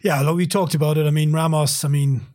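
A man's voice: a little high, fairly even intonation, fast, darkish tone, no room sound, clean studio sound. A man speaking as a guest pundit on a casual sports podcast, hesitant and searching for his words.

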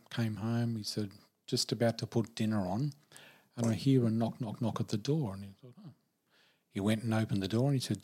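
Husky older man telling a story. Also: on the low side. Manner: animated, acts out quoted voices. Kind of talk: personal storytelling.

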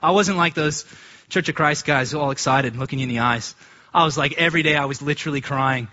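A man from the United States shares a personal testimony with a congregation in a lively storytelling way. His voice is bright and a touch high, and he jumps up in pitch when he acts out what people said. The recording sounds dull and lo-fi. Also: fairly quick. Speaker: church speaker giving testimony.

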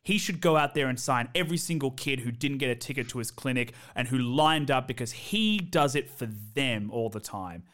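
Opinionated man hosting a podcast. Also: medium pitch. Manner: opinionated, animated speeding up and slowing down. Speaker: podcast host. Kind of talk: casual podcast chat.

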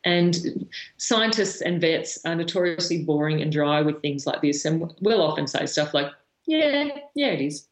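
A woman's voice: sits low, fairly even intonation, normal speed. An Australian woman, a veterinarian guest, frankly telling stories from her work in an interview, with many fillers and restarts. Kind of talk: conversational storytelling interview. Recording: roomy echo.

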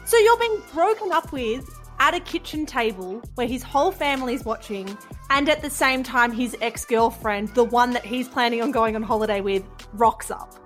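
A high-voiced woman hosting an interview, blunt and openly incredulous. She swears without hesitation. Faint music sits underneath. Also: normal speed. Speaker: podcast host.

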